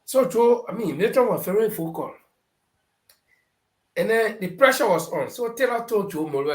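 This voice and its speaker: A man's voice: high voice, expressive, normal speed, long pauses, roomy sound, low-quality recording. A middle-aged Liberian man on a talk show, telling political anecdotes and acting out the people he quotes. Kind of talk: storytelling political commentary.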